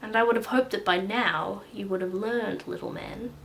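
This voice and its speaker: A woman voicing a calm, patronizing male doctor in a story reading, speaking softly and slightly lower. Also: normal speed, gravelly, a little hiss or hum. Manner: soft-spoken, murmuring.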